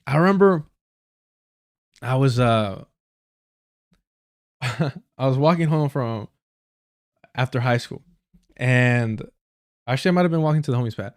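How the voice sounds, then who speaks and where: A man's voice: medium pitch, animated, unhurried, long pauses, no room sound, studio quality. A man hosting a livestream, ranting in casual commentary. He is blunt and profane, uses a lot of slang, repeats himself for emphasis, and stops to correct himself mid-sentence. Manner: storytelling with repeated phrases and self-corrections. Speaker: livestream host.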